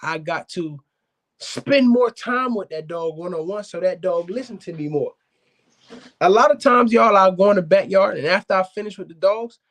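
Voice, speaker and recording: Animated high-voiced man chatting. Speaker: dog kennel owner hosting a live talk show. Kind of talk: casual live-stream chat with viewers.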